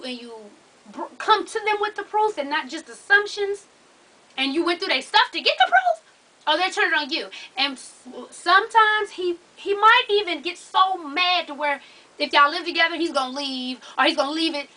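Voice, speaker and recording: A woman's voice: extremely high pitch, pushed and bright, distant mic. A woman hosting an advice vlog, blunt, sassy and profane as she talks straight to the viewer. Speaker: advice show host.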